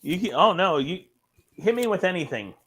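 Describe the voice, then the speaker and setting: A man's voice: high voice, sing-song, moderate pace, a bit bright, slightly rough. A man joking around as a panelist in a casual chat. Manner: jokey, playful.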